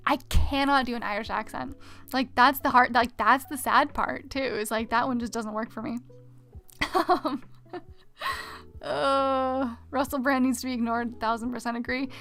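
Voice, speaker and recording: On her drawing stream, a woman with a higher voice and fairly even intonation talks at a normal speed, with faint music behind her. She's chatty, reads chat out loud, and mutters quietly as she works, using a desk mic with a pop filter.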